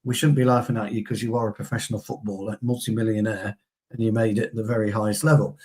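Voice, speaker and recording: A man's voice: on the low side, flat delivery, quick pace, darkish tone, husky. A man co-hosting a casual football fan chat, bantering with his co-host. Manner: chatty, banter-filled, addresses co-host as pal.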